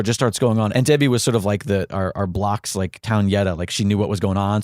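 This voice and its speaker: A man hosting a podcast, speaking from the heart in a halting, grieving monologue full of fillers and restarts. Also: fairly low pitch, a little mellow, dry recording, studio quality. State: grieving, voice catching. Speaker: podcast host.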